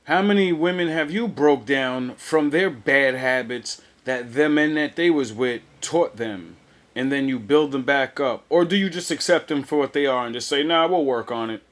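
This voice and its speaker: A man's voice: mid-range voice, moderate pace. A man hosting a casual chat, blunt and mocking, who acts out the voices of people he quotes.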